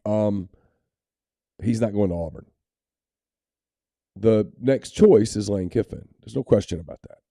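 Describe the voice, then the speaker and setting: A man's voice: on the low side, measured pace, gravelly, pauses often, dark tone, dry recording, studio quality. A man co-hosting a sports podcast, talking candidly and opinionatedly in casual chat, with frequent restarts. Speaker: podcast co-host.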